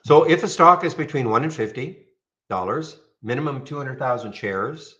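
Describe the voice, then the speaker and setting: A man casually walking viewers through trading software on a screen share, rambling and checking in with "okay?". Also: mid-range voice, lively intonation, normal speed, muffled recording. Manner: rambling, frequent restarts and "okay?" check-ins.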